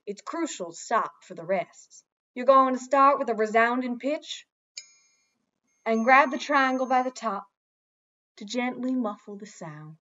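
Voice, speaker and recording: A young woman plays a self-important teacher of the triangle who lectures with deadly seriousness in an improvised mockumentary. Her voice sits a little high and the recording sounds dull and lo-fi. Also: a bit bright, lightly acted. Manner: pompous, earnest lecturing.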